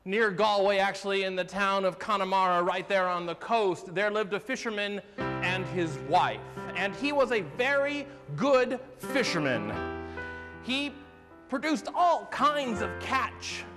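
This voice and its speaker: A man telling a folk tale live on a festival stage, animated and theatrical, with sudden loud bursts and slow drawn-out phrases. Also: high voice. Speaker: storyteller. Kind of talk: live dramatic storytelling. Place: festival main stage, large hall. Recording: live hall reverb with piano accompaniment. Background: improvised piano.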